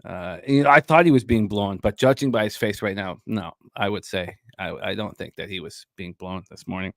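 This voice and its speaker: A man hosting a live sports betting show, joking in a deadpan, crude way and reading out bets. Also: lowish voice, normal speed, dry recording, clean studio sound. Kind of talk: casual live-stream banter.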